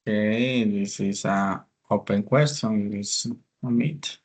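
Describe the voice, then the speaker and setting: A man explaining grammar exercises in an online class, speaking haltingly with restarts and hesitant fillers. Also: on the low side, fairly even intonation. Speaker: class presenter.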